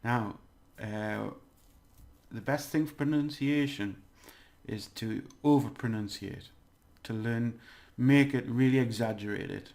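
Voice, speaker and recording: A man with a gravelly, creaky voice teaches a relaxed video lesson. He stretches and overdoes words to show how they sound, and laughs off his own stumbles. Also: medium pitch, slow. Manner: chatty, exaggerates words to demonstrate, laughs at own slips. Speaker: language teacher.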